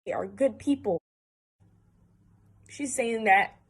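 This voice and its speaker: Husky-voiced woman channeling a spirit. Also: medium pitch, darkish tone. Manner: halting, repetitive, earnest, addresses viewers directly. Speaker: spiritual medium. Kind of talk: channeled spirit reading to camera.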